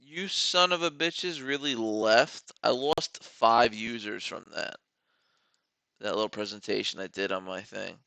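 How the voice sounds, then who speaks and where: A man's voice: on the low side, unhurried, gravelly, pushed and bright, no room sound, poor audio. A man hosting a casual day-trading live stream from his home studio, rambling, joking and swearing freely as he talks through his trades.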